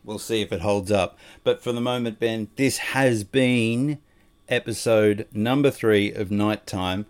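A man hosting a podcast, talking in a gentle, reassuring way. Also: fairly low pitch, unhurried, clean tone. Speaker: podcast host. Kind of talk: casual chat.

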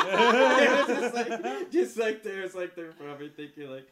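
A young man tells a story slowly in a casual chat. His voice sits a little high and swings widely as he laughs through it. He says "like" constantly. Chatter from a crowd carries behind him. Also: expressive. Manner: laughs often, heavy use of "like".

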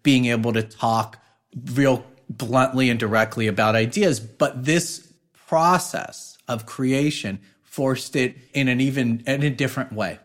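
A man's voice: mid-range voice, unhurried. A middle-aged man co-hosting a casual podcast, telling stories with energy and often checking in with "right?". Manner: animated storyteller, leans on "right?". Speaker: podcast co-host.

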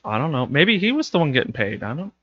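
A man's voice: fairly high pitch, big pitch swings, fast, no room sound, lo-fi sound. A man co-hosting a podcast, chatting casually and acting out movie scenes in funny voices. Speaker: podcast co-host. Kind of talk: casual chat about a bad movie.

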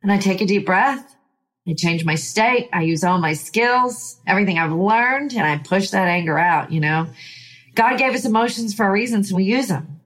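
A woman's voice: mid-range voice, animated, moderate pace, a bit bright. A woman life coach telling her story in an emphatic, sighing way, with fired-up bursts. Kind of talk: motivational personal story.

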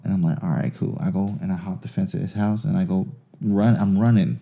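Speaking at a moderate pace in a low, creaky voice, a man spins a long casual tale full of swearing. He's animated throughout and laughs through his stories.

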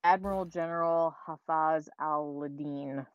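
Blunt podcast co-host, a woman with a lowish voice who laughs a lot and swears casually, on a dull lo-fi recording. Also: steady tone, unhurried, no echo. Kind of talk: casual chat.

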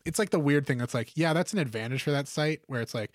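A man's voice: fairly high pitch, brisk, few pauses, dry recording, studio quality. A man co-hosting a casual podcast chat, rambling and full of fillers. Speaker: podcast co-host.

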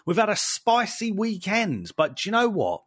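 A man's voice: high-pitched, normal speed, breathy edge, no echo, studio quality. A young British man co-hosting a podcast, chatting casually with playful slang and jokes. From United Kingdom. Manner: lively, jokey, playful slang. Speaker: podcast co-host.

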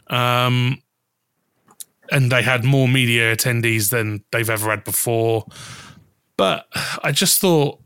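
A man's voice: medium pitch, pushed and bright, no room sound. A man hosting a casual podcast, talking in a rambling way with many restarts and some swearing. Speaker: podcast host.

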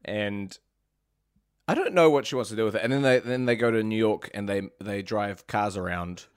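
A man co-hosting a casual movie podcast, sarcastic and quick to swear. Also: on the low side, clean tone, no room sound, studio quality. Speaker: podcast co-host.

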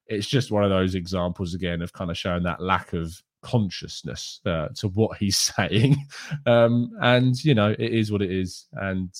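Guy hosting a football stream from home, deep voice kept low and quiet, dry close sound. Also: no room sound. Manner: talking in a low, subdued register so as not to wake housemates; casual, with frequent fillers. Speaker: football podcast host. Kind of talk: live-stream chat about football, reading viewer questions.

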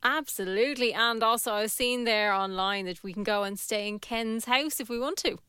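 A woman's voice: a little high, bright, forceful tone, clean tone, dry recording, studio quality. A woman hosting a casual radio interview, friendly and curious. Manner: friendly, curious, quick to agree. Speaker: radio host.

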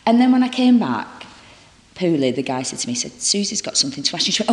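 A woman actor talking candidly as an interview guest, chatty and halting, with lots of restarts and acted-out dialogue. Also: mid-range voice, animated. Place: library reading room. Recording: roomy echo with long reverb.

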